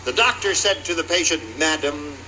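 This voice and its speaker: A man hosting a TV game show, teasing contestants with a jokey, drawn-out delivery. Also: fairly high pitch, a little hiss or hum, low-quality recording. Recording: old TV broadcast with loud music.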